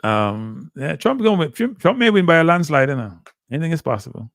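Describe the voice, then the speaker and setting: Animated man, dry close sound. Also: fairly high pitch, fairly quick, gravelly, no room sound. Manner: animated, repetitive, addresses viewers as "people". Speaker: livestream host. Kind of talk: casual live commentary.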